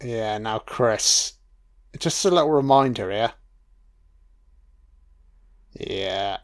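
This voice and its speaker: A man's voice: fairly low pitch, expressive, drawn-out words. A man giving a casual film commentary, musing aloud with plenty of swearing and fillers.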